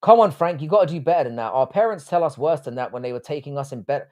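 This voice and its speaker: A man hosts a live stream, reading out viewer messages and answering them off the cuff. He speaks at an ordinary middle pitch and trades crude, swear-filled insults in a joking, bantering way. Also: expressive, quick pace, few pauses, a little mellow. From England. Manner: profane mock-insult banter.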